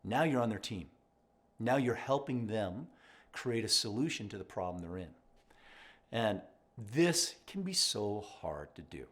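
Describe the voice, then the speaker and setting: A middle-aged man talks as a mindset coach reacting to an article, his lowish voice rising and falling a lot. He is casual and animated, dropping "right?" often and slipping into short acted exchanges between parent and child. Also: a little slow, slightly rough. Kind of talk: reaction commentary.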